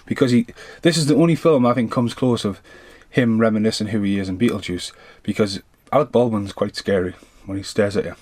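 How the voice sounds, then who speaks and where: A man's voice: fairly low pitch, brisk, darkish tone, no echo. A man in his thirties or forties doing an unscripted film review rant, rambling, swearing freely and drifting off on tangents.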